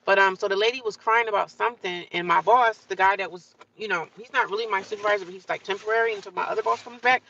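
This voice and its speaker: A woman vlogs from her car at a gas station, her voice bright and sharp-edged. She rambles in a chatty, self-encouraging way, speaking to viewers as friends. The phone sits a little away from her, with faint traffic hum behind. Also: mid-range voice, quick pace, few pauses, recorded from a distance, lo-fi sound. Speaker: vlogger. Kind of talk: casual vlog talk to viewers.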